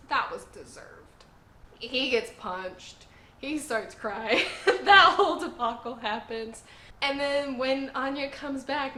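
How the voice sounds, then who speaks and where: A woman with a voice a little higher than most talks casually through a review. She is enthusiastic and breaks into giggles, filling gaps with "like." The room adds a noticeable echo, and a faint ambient hum sits underneath. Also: fairly bright tone. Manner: giggly, enthusiastic, says "like" a lot. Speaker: anime and manga reviewer.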